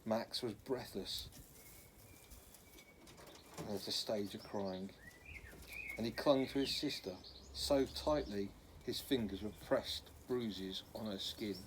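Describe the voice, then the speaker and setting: Low-voiced man reading a children's novel. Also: slow, pauses often, background noise. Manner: unpolished, with slips and corrections. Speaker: reader.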